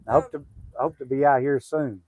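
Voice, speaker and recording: A man's voice: mid-range voice, steady tone, brisk, noisy background. A middle-aged man, chatting casually on a homestead livestream, rambling with lots of fillers and restarts. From Southwest Arkansas.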